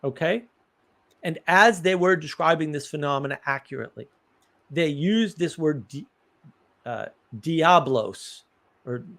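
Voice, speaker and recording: Male stream host, fairly high-pitched, casual, explains ideas through examples. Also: vocal fry, sharp tone. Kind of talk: casual live-stream talk.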